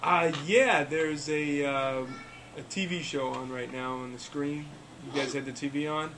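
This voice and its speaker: A man patiently narrating a tabletop game for children as game master, with halting restarts, in a noisy room recording. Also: a little high, fairly even intonation. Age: adult. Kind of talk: running a tabletop game for kids. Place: school club room.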